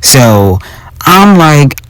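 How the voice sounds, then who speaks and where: A young adult man with a Philadelphia accent telling a personal story in a casual, profane, animated monologue as podcast host. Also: a little high, drawn-out words, no room sound, rough recording. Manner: animated, profane, addresses listeners as y'all.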